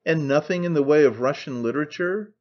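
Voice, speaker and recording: A man reading an audiobook, voicing a fussy, vain aging male writer with a squeaky voice and a soft gentlemanly lisp. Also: brisk, close to an everyday voice. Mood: sniffy. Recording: dull lo-fi recording.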